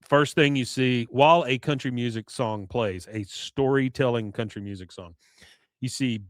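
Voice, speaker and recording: A man hosting a podcast, casually recapping an episode in an animated storytelling way while his voice is going hoarse. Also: mid-range voice, normal speed, dry recording, studio quality. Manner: animated storytelling, frequent "uh" and "you see". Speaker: podcast host.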